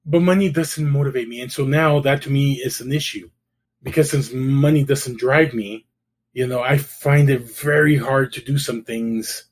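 A man's voice: mid-range voice, normal speed. Middle-aged man from El Salvador, candid storyteller, casual podcast guest. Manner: candid, storytelling, frequent "you know" and restarts. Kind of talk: casual conversation.

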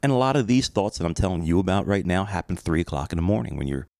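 Middle-aged Philly man, very low voice, dry close mic, reflective storyteller who wanders into asides. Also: fast, creaky, darkish tone, no room sound. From Philadelphia area, USA. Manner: conversational, reflective, rambling asides. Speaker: podcast host. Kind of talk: personal storytelling monologue.

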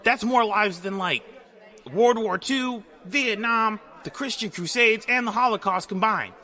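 A man's voice: high-pitched, a little slow, pushed and bright, exaggerated voice. A man playing an elderly male president who rambles through folksy, confused digressions, with crowd noise behind. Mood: rambling.

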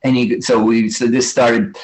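Animated, rambling man telling stories. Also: medium pitch, unhurried, rough recording. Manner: animated, rambling, casual swearing, acts out quotes. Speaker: guest musician, drummer. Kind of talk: casual storytelling interview.

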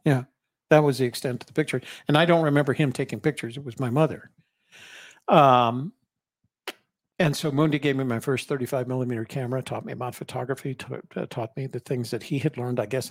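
A man's voice: medium pitch, fairly quick, no room sound. An older man, a podcast co-host, telling rambling personal stories in casual conversation, with frequent restarts and fillers.

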